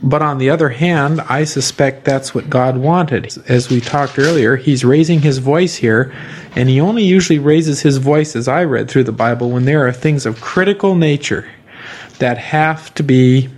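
A man in a Bible study class who offers his view in a thoughtful, halting way. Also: medium pitch. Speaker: class participant.

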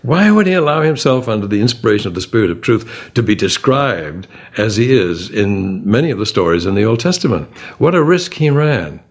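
A man leading a Bible study class, talking in an animated way and asking the group many rhetorical questions. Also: fairly low pitch, brisk, few pauses. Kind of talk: discussion-led Bible class.

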